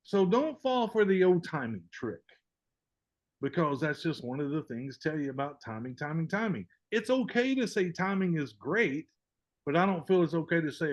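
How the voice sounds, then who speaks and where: A man's voice: a little high, very animated, moderate pace. Older male presenter, folksy and chatty, voices both sides of a story; muffled webinar audio. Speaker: network marketing presenter. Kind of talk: casual webinar talk.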